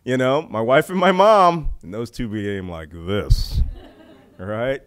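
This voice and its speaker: A middle-aged man from the United States giving an animated public talk on intelligence, full of rhetorical questions and jokes. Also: mid-range voice, unhurried. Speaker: speaker on intelligence.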